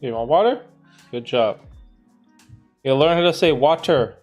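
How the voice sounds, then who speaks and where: A man hosting a casual livestream, laid-back and playful with slangy banter, gentle when he talks to young children. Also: fairly high pitch, lively intonation, unhurried, faint music behind. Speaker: livestream host.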